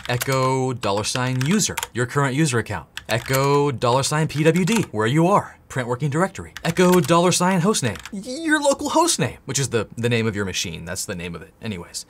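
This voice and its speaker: A man's voice: mid-range voice, fairly bright tone. A man hosting a tech tutorial, playful and jokey, talking straight to the viewer as he types. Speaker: tech course host. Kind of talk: energetic screen-share tutorial.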